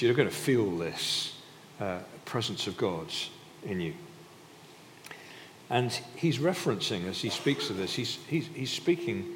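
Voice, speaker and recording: A man preaching a sermon in a conversational way, often restarting his sentences. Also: fairly low pitch. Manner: conversational, with frequent restarts and filler. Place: church hall. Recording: reverberant hall, faint background noise.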